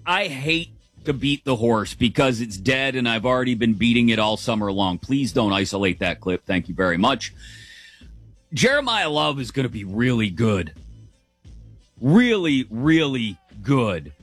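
A man's voice: mid-range voice, fairly bright tone, no room sound. A middle-aged man hosting a morning sports talk show, chatty and opinionated, laughing as he goes, on a close studio mic. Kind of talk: casual sports radio commentary.

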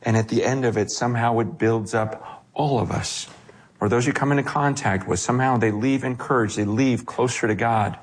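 Middle-aged male pastor delivering a sermon; animated, swings between quiet and fast, raised lines. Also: mid-range voice.

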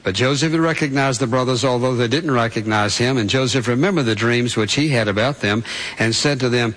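A male preacher giving a sermon at an ordinary, mid-range pitch. He retells the scripture story in plain words and asks listeners to picture it as parents and as children. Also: brisk, a bit bright, poor audio.

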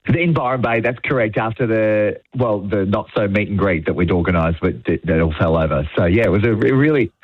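A man's voice: on the low side, fairly quick, hardly any pauses, no room sound, phone-quality sound. A sleep-deprived man, a radio intern, chatting casually on air, laughing and stumbling over his words apologetically.

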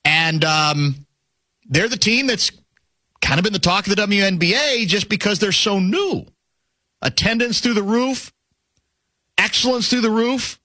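A man's voice: high-pitched, unhurried, pauses often, pushed and bright, dry recording. A middle-aged man hosting a sports radio show, chatting and teasing his co-host in a casual, storytelling way.

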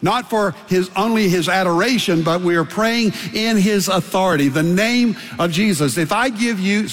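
An older male pastor preaches with emphasis and piles up repeated phrases to drive each point home. His voice sits high for a man. It rings out with the long reverb of a large church hall. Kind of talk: sermon.

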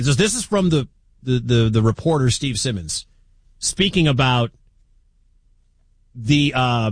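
A man's voice: medium pitch, dry recording. A middle-aged man from the American Midwest hosting sports talk radio, chatty and incredulous.

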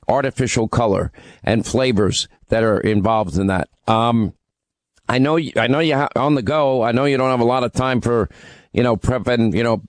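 A man's voice: mid-range voice, no echo. A man hosting a radio talk show, rambling conversationally through ad reads and news, with fillers and restarts.

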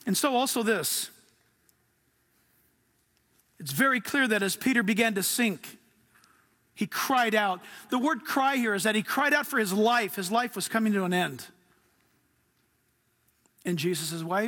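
A man preaching a sermon as pastor, telling stories in a lively way and laughing often. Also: sits high.

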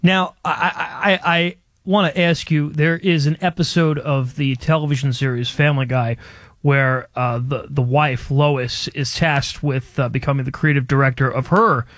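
Halting, fairly high-voiced male interviewer. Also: steady tone, a bit bright, no room sound, studio quality. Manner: halting, with many fillers. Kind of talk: interview questions.

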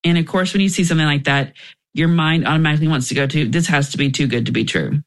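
A woman's voice: sits low, fast. A young woman, a guest in an interview, telling her personal story candidly and emotionally, with restarts along the way.

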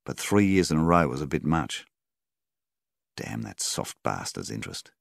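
A man narrating a story in a measured, steady reading style. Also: very deep voice, vocal fry, no echo, studio quality. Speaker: audiobook narrator. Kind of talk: scripted narration.

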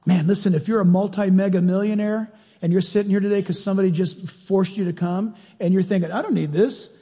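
A man delivers an animated sermon, throwing rhetorical questions at his listeners. His voice sits high and has a husky grain. The long reverb of a large hall trails after his words. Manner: animated, quick swings in pitch and volume, rhetorical questions. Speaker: preacher.

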